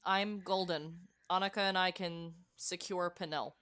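A woman's voice: fairly low pitch, steady tone, a little slow, a bit bright. A woman playing a tabletop role-playing game, flustered and self-mocking about her character voice. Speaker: player.

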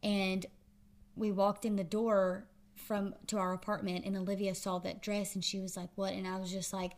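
A woman's voice: medium pitch, little pitch movement, normal speed. A woman guest, with many fillers and restarts, telling her story casually in an interview. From Arkansas.

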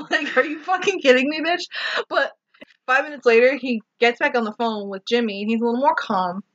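A woman's voice: on the high side, moderate pace. A woman co-hosting a podcast, casually and animatedly recapping a movie with lots of swearing and acted-out quotes. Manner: animated, sweary, quotes lines in exaggerated voices. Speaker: podcast co-host. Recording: dull lo-fi sound.

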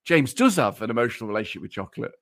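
A man's voice: medium pitch, big pitch swings, racing. A man co-hosting a podcast, teasingly reading out research in a mock-lecturing way and laughing as he talks. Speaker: podcast co-host presenting research. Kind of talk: casual podcast banter.

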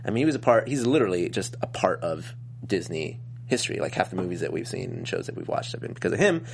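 A man's voice: sits low, wildly swooping pitch, quick pace, vocal fry, slight background noise. Jokey, rambling male podcast host. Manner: jokey, rambling, full of dad jokes. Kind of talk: casual chat.

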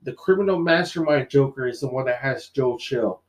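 Speaking at a moderate pace and medium pitch, a man animatedly retells a story during an informal comic book discussion. Fillers such as "like" and "you know" fill his speech.

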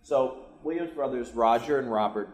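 A man's voice: medium pitch, normal speed, darkish tone. A man giving a live history lecture, telling it as a story with casual asides to the audience. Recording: echoey room recording.

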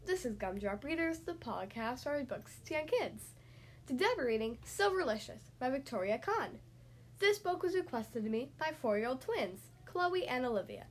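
A woman hosting a children's podcast, reading a picture book aloud in an expressive, animated way. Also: high voice, moderate pace. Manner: animated and expressive, acting out the characters. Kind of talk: storybook read-aloud.

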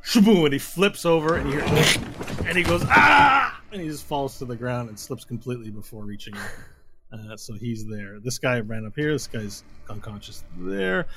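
A man's voice: mid-range voice, lively intonation, moderate pace, background noise. A man narrating a tabletop role-playing game as game master, acting out the scene with sound effects and sudden yelps.

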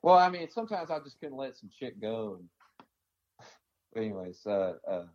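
A man's voice: on the low side, big pitch swings, normal speed, darkish tone, muffled recording. A man from the American South, an army veteran, telling his stories bluntly in a casual interview, swearing often and rambling with many fillers.

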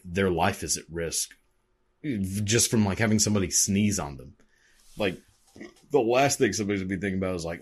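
A low, darkish voice with a breathy edge drives this man's angry video-reaction rant. His tone is sarcastic and profane, he swears nonstop, and "like" crops up as filler again and again.

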